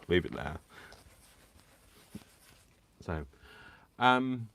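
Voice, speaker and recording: A man's voice: sits low, normal speed, no room sound. A man hosting a live crafting stream, chatting in a giddy, rambling way, mocking himself and chuckling to himself. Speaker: crafting livestream host. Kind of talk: casual live crafting chat.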